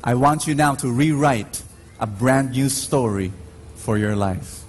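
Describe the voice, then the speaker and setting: A man with a Filipino accent preaching a sermon in slow, emphatic phrases, his pitch swinging widely as he drives each point home. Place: church. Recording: faint background noise on a radio live stream.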